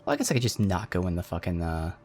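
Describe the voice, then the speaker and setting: A man's voice: low-pitched, very animated, very fast, a little mellow, slight background noise. A man with a Philadelphia accent giving chatty, offhand let's-play commentary at his desk mic, swearing casually. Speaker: gameplay commentator.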